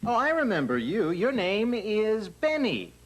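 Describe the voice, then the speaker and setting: A man acting as an interviewer in a scripted language course dialogue, brisk as he calls out words one by one. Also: high-pitched, huge pitch swings, slight background noise.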